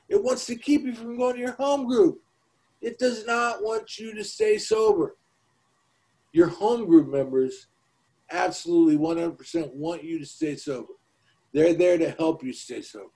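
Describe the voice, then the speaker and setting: High-voiced man preaching recovery talk. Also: normal speed, darkish tone, poor audio. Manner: preachy, emphatic, swears casually. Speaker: podcast co-host.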